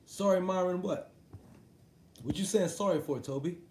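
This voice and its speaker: A man's voice: high voice, moderate pace, darkish tone. A man hosting a casual live stream, swearing freely, laughing often and talking straight to his viewers. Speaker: sports talk streamer. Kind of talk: casual livestream chat about boxing. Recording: roomy echo.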